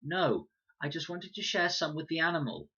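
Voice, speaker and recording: A man's voice: fairly high pitch, lively intonation, normal speed, bright, forceful tone, breathy edge, highs cut off, voice pushed up, heavily acted. A man voicing a stubborn, whiny small boy who pouts and pleads. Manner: pleading, pouty.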